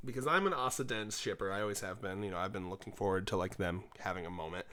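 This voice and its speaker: A man's voice: low voice, quick pace, bright, forceful tone. A tired young man co-hosting a casual chat, rambling and self-mocking, with lots of restarts and swearing. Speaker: podcast co-host.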